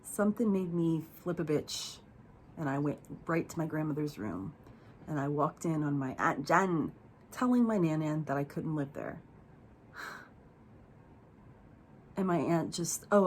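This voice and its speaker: A young woman with a low-pitched voice recounts a painful family story straight to camera. She talks in a raw, unfiltered way, swearing often and circling back with fillers. A faint hiss sits under her voice. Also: normal speed, long pauses. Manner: profane, raw and emotional, rambling with fillers. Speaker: vlogger telling a personal story. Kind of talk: candid storytime monologue.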